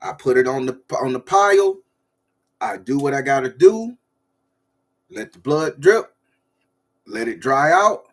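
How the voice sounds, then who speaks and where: A man's voice: mid-range voice, sing-song, unhurried, long pauses. A man from Florida, hosting a casual livestream and rambling loosely to his viewers. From southern Florida. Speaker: livestream host.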